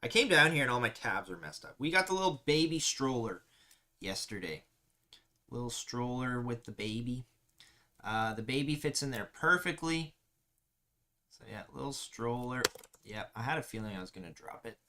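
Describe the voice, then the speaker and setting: A man's voice: mid-range voice, lively intonation, moderate pace, sharp tone. A man hosting a casual live stream, chatting easily and reading viewer comments aloud with frequent laughs. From Canada.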